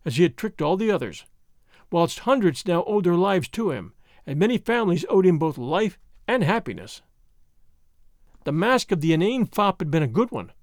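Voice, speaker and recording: A man's voice: high voice, dry recording, clean studio sound. A man narrating a storybook in a dramatic, theatrical reading. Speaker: audiobook narrator.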